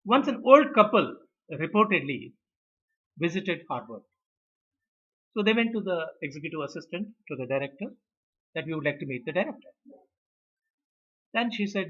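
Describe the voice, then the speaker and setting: A man's voice: a little high, normal speed, long pauses, slightly rough. A middle-aged man, telling management stories and acting out the quoted voices. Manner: animated storyteller, acts out quoted voices. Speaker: speaker on management. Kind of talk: storytelling talk. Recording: dull lo-fi recording.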